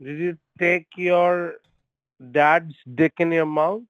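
A man's voice: on the high side, level tone, slow pace, no room sound. A man on a phone call, insulting and jeering at the caller. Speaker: scammer on a call. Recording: dry, tinny phone line.

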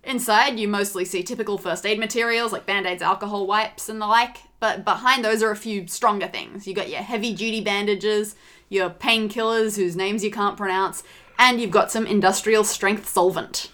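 Bright-voiced woman game master. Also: mid-range voice, fairly even intonation, moderate pace. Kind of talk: narrating a tabletop game.

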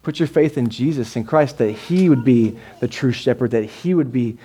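A man's voice: medium pitch, moderate pace, mellow, husky. A man preaching a sermon to a live congregation, talking casually, repeating words and often asking "right?". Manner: conversational, repeats words, keeps checking in with the congregation. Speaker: pastor. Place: church service with a live congregation.

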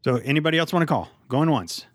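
A man's voice: a little high, animated, fast, no echo, clean studio sound. A man hosting a podcast in casual chat, joking and playful, acting out silly scenes. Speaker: podcast host.

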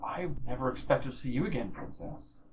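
A man's voice: mid-range voice, expressive, a little fast, a little hiss or hum, lightly acted. A man voicing a proud, formal half-elf woman guard captain, in his own voice.

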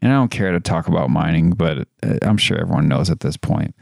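A man's voice: extremely low pitch, lively intonation, fast, creaky, no echo, clean studio sound. A man hosting a casual podcast chat, rambling with fillers and frequent laughs. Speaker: podcast host.

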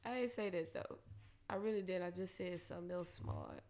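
A woman talking straight to her listeners in a blunt, profane casual monologue, laughing often and getting loud and animated when she rants. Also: lowish voice, fairly quick. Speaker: solo talker giving advice.

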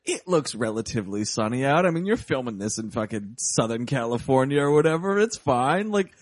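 A man's voice: mid-range voice, expressive, a little fast, no echo, studio quality. A man co-hosting a podcast in casual chat, joking and acting out movie scenes in put-on voices. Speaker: podcast co-host.

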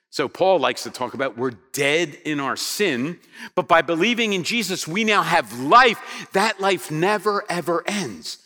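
A man's voice: high voice, bright, forceful tone. A man preaching a sermon to a congregation, telling stories animatedly and asking the room questions. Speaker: pastor. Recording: reverberant hall sound.

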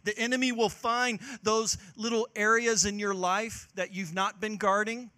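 A male pastor, preaching a passionate sermon that swings from loud exhortation to hushed, earnest moments. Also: sits high, flat delivery, normal speed.

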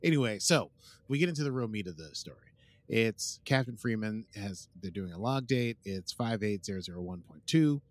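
A man's voice: on the low side, animated, normal speed, no echo. A man co-hosting a podcast, joking dryly in casual chat and recapping an episode's plot. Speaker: podcast co-host.

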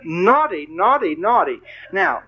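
An older man, a spiritual teacher, giving a playful, animated talk with readings. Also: sits high, measured pace, breathy edge, muffled recording.

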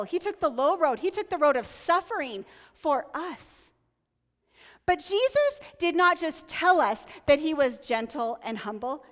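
Woman preacher, high voice, unhurried, earnest, conversational with hushed moments, long hall reverb. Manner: earnest, conversational, drops to soft near-whispers on key lines. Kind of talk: sermon.

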